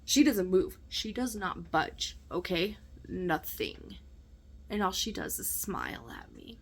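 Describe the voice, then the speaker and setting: A woman's voice: fairly low pitch, huge pitch swings, takes it slowly. A woman vlogger telling a personal story in an emphatic, conversational way, often checking in with her listeners.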